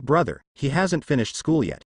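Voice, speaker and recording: A polite, eager little robot girl from a storybook, as a male narrator reads her lines. The delivery is lively and close, with a dry sound. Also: medium pitch, normal speed, slightly rough, no room sound. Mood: chirpy.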